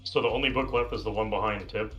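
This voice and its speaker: A woman playing a tabletop game, explaining the rules in a lively way. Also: rumbling low, fast talker, muffled recording, soft background music. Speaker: player. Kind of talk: tabletop role-play as a player.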